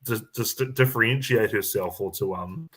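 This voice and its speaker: Man, New Zealand accent, lowish voice, casual chat, full of ums and restarts. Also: fairly bright tone, slightly rough. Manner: halting, many fillers and restarts.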